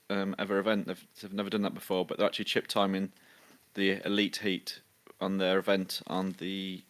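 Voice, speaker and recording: A British man with a very deep voice works through a casual news roundup. His delivery is flat and even, plain and matter-of-fact, dotted with ums. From United Kingdom. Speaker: podcast co-host.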